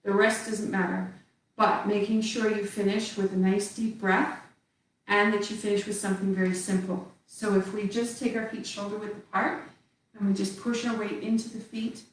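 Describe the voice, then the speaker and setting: Calm lady tai chi teacher, slow cues, really echoey room, kinda far from the mic. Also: mid-range voice, slight background noise. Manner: calm, slow cues spoken while moving. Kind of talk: calling out tai chi moves while demonstrating. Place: indoor room with little space.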